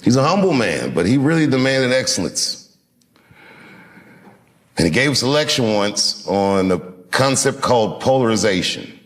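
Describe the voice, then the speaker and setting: A man in his fifties from Washington, D.C., telling a reflective story to an audience in a measured, unhurried way with dramatic pauses. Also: mid-range voice, very animated. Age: 50s. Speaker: comedian.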